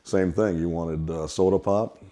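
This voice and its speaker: A middle-aged man from Wisconsin, USA, speaks in a low voice a little slowly during a storytelling interview. He works in a restaurant kitchen and tells relaxed, rambling stories about growing up at his family's restaurant.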